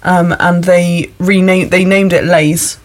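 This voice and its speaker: A woman hosting a podcast and running a casual quiz with a guest, chatty, upbeat and quick to laugh. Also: lowish voice, little pitch movement. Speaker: podcast host.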